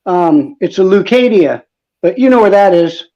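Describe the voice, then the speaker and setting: A man's voice: high voice, animated, normal speed, warm tone. A man from San Diego, chatting casually and rambling a bit as a guest on a live stream, swearing now and then. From San Diego, California. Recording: muffled lo-fi audio.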